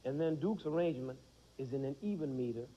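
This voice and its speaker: A man's voice: medium pitch, fast talker, background noise. A man in his thirties teaching a music lesson to children, asking the class questions and answering them himself. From United States. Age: 30s. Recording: dull 1990s TV broadcast.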